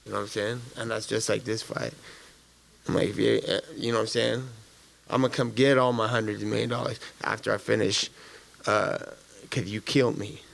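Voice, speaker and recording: A man's voice: lowish voice, flat delivery, fairly quick, gravelly, fairly bright tone. A man in his thirties answering press conference questions, blunt and profane, with loose street slang and rambling answers. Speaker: fighter at a post-fight press conference.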